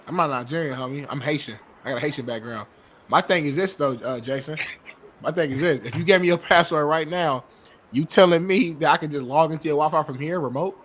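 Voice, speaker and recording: A man's voice: fairly high pitch, a little fast, fairly bright tone. A man co-hosting a talk show, bantering casually with loose slang and cursing. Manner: joking, profane, loose street slang. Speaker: co-host.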